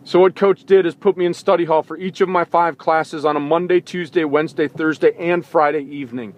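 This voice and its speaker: Guy with a slightly high voice doing a fired-up sports opinion rant, lots of indignant questions, recorded in a car. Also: fairly even intonation, fairly quick, muffled recording. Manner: impassioned, rising to indignant rhetorical questions. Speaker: sports talk show host. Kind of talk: opinion monologue.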